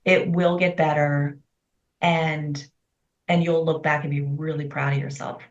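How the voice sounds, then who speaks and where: A middle-aged woman telling stories in a candid interview, chatty and expressive. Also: sits low, unhurried. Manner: chatty, expressive, quotes herself in lively voices. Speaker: guest. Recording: far from mic in an echoey room, dull sound.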